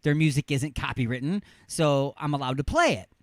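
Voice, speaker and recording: A man's voice: fairly high pitch, lively intonation, a little fast, dry recording. A man hosting an internet radio show from a studio, joking and rambling with self-mocking asides as he reads out odd news stories. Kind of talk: comedic radio banter reading news stories.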